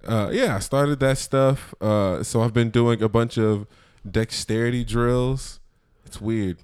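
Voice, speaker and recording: A man co-hosting a podcast, talking casually and thinking out loud as he explains. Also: medium pitch, fairly even intonation, takes it slowly, smooth. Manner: rambling, thinks aloud. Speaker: podcast co-host. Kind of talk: casual chat.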